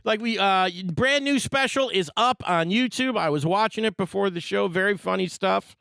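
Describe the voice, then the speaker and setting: A man hosting a podcast from his desk, chatting in an animated, agreeable way and laughing easily. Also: high-pitched, moderate pace, gravelly, smooth, dry recording. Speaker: podcast host. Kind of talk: casual interview chat.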